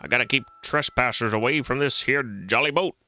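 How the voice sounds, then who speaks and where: A man voicing a gruff old sailor in a retro adventure game, growling and shooing people off. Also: mid-range voice, brisk, pushed and bright, no echo. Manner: growling, dismissive. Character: gruff old male sailor guarding a boat.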